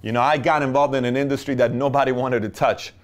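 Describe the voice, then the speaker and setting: A man's voice: mid-range voice, fairly even intonation, quick pace. A man giving business advice in a motivational talk, emphatic and full of rhetorical questions and playful sarcasm.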